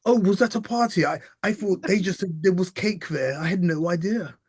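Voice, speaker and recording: A man's voice: sits high, normal speed, darkish tone, slightly rough, dry recording, voice pushed up. A man putting on a blustering posh politician who feigns innocence about parties, in a mocking impression.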